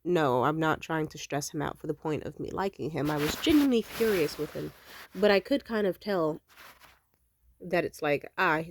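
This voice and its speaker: Blunt, profane young woman telling a story. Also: low-pitched. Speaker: vlogger. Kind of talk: casual storytime monologue.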